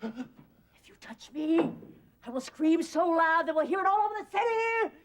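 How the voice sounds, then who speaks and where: A woman's voice: extremely high pitch, big pitch swings, normal speed. An actress playing a pushy, melodramatic woman who pesters a bank official with theatrical, wailing insistence. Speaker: petitioner. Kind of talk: film acting.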